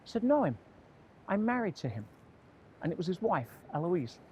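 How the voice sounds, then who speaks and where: Man from England, motivational speaker, mid-high voice; lively anecdote delivery, faint ambient room tone behind. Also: fairly quick, a little hiss or hum. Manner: animated, acts out dialogue in quoted voices. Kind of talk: storytelling to camera.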